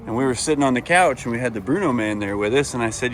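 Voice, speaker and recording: A man's voice: medium pitch, animated, quick pace, slight background noise. A man hosting a casual farm vlog outdoors, talking affectionately and teasingly to his animals. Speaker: host.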